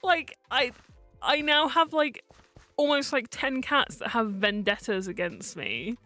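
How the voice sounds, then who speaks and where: A woman streamer talks at an unhurried pace, chatty and loose, with plenty of fillers, swearing and laughter along the way. Her voice sits at an everyday pitch and sounds close and dry, with faint music running behind her. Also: animated, bright, forceful tone, no room sound. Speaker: vtuber streamer. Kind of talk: casual storytelling on stream.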